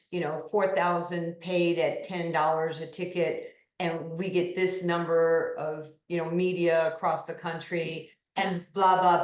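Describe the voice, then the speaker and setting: A woman in her sixties from New York tells lively stories as an interview guest, slipping into the voices of people she quotes. Her voice sits a little low. The room around her gives it a noticeable echo. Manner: animated anecdotes, acting out quoted voices. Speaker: interview guest, basketball pioneer. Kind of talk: storytelling interview. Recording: echoey room.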